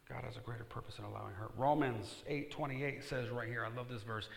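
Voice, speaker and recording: A male pastor preaching a sermon, reading scripture and shifting between quiet asides and loud emphatic bursts, calling on the congregation to answer back. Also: mid-range voice, fast talker, gravelly, few pauses, echoey room. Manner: reads scripture aloud and calls on the congregation to respond.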